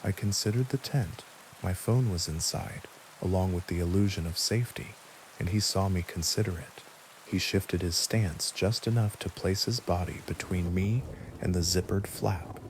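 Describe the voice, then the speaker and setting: Low calm guy reading a horror sleep story, steady and even, faint rain in the background. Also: moderate pace, a little hiss or hum, rough recording. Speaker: narrator. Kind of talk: scripted horror narration for sleep.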